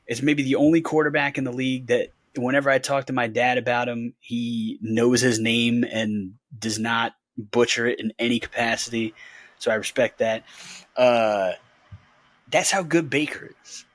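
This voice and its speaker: A man's voice: medium pitch, steady tone, moderate pace, no room sound. A man with a mid-range voice recorded close and dry, with no room sound. He co-hosts a casual football chat in an easygoing, rambling way and laughs often. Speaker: podcast co-host.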